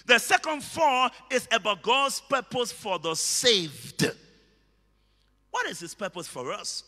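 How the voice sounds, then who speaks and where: A man preaching a sermon, emphatic and repetitive, bursting into shouted words. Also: very high voice, animated, slow pace, in a large hall. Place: church hall.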